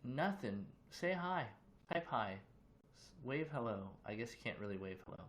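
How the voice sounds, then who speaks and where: A man's voice: mid-range voice, big pitch swings, normal speed, fairly bright tone, slight background noise. Loose, chatty man hosting a livestream. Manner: loose, chatty, greets viewers with questions. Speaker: livestream host. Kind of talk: casual livestream chat. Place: his own room.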